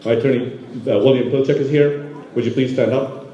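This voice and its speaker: A man from Yemen giving a halting, emotional award acceptance speech full of fillers at a gala. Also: medium pitch, fairly even intonation, heavy background noise. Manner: halting, many fillers, moved. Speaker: award recipient. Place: large banquet hall. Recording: roomy hall, dull sound.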